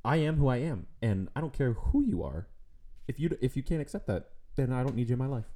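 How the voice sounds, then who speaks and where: A man's voice: mid-range voice, quick pace. A young man co-hosting a casual podcast, telling stories and acting out family members' voices. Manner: animated storytelling, acts out voices. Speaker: podcast co-host. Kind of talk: casual chat.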